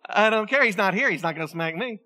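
A woman pastor preaching a sermon in church in a lively, joking way, acting out voices as she tells the story. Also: mid-range voice, fast. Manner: animated, joking, acts out voices.

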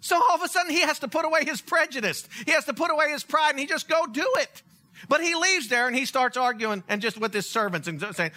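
A male pastor preaching a sermon, telling a story with animated delivery and acting out the characters. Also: very high voice, fast talker.

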